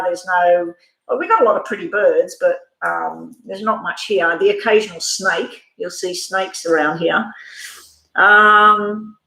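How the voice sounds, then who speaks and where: A woman's voice: mid-range voice, fairly bright tone, echoey room, rough recording. A middle-aged Australian woman giving a rambling, frank tarot reading on a live stream. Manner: chatty, rambling, frank with mild swearing. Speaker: tarot reader.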